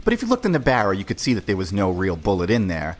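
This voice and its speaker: A man's voice: sits low, huge pitch swings, quick pace. A man in his forties from the Boston area, hosting a podcast and telling a story in a loose, profane, chatty way. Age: 40s. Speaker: podcast host. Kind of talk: casual storytelling.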